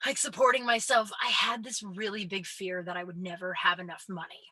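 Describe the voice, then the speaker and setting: A woman's voice: medium pitch, steady tone, brisk, bright, forceful tone, slightly rough, no room sound. A woman in her late thirties hosting a podcast, telling stories in a chatty, self-deprecating way, filling her talk with "like" and casual swearing. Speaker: podcast host and comedian. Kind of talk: casual storytelling monologue.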